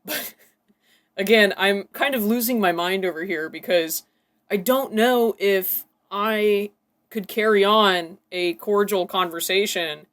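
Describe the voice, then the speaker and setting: A woman hosting a casual reaction commentary, swearing freely and breaking into incredulous giggles. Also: medium pitch. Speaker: reaction video host.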